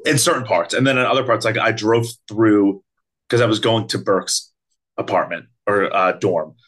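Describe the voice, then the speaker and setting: A man's voice: fairly low pitch, fairly even intonation, normal speed, fairly bright tone. A man co-hosting a podcast, chatting casually and cutting in with dry, teasing remarks. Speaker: podcast co-host. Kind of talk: casual chat.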